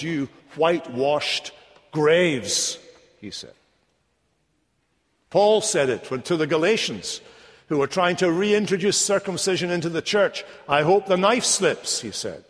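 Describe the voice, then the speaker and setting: Slow, emphatic preacher in an echoing hall. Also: male voice, a little high. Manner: emphatic, deliberate, rhetorical questions. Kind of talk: sermon. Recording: long echo of a large hall.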